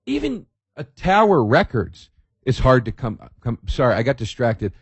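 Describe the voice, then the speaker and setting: A man's voice: medium pitch, wildly swooping pitch, moderate pace, breathy edge, no room sound. A man in his thirties hosting his own podcast alone, ranting in a profane, self-deprecating way and rambling with restarts. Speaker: podcast host. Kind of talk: solo comedic monologue. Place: small room by a street window.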